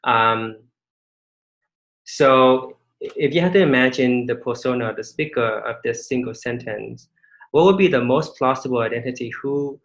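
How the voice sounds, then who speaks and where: A male English instructor leading a recorded online class, with halting speech, many restarts and rhetorical questions to students. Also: mid-range voice, gravelly, a bit bright, rough recording.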